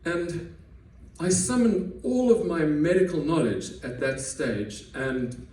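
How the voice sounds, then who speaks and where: Here the man's voice sits on the high side yet sounds dark, animated but slow. Telling his own story on stage to a live crowd, he's chatty and self-mocking and keeps restarting his words, recorded distantly in an echoey space with faint ambience.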